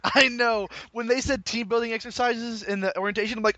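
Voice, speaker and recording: A man's voice: extremely high pitch, a little fast, hardly any pauses, no room sound, dull audio. A young man telling stories about his new call center job in casual chat, laughing often as he talks. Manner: laughing often, animated storytelling.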